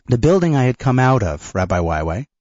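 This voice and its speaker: A man co-hosting a radio talk show, telling a personal story in a halting way, with restarts and nervous laughs. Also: medium pitch, very animated, darkish tone, no room sound, highs cut off. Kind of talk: conversational storytelling.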